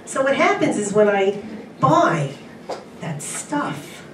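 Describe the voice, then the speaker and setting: A middle-aged woman performs a stand-up set with slow, drawn-out timing and a lively, swooping pitch. She is recorded from far off in an echoey space, with loud crowd ambience behind her. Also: background noise. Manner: punchy, drawn-out delivery with laughs. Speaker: stand-up comedian. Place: convention stage. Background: audience laughter.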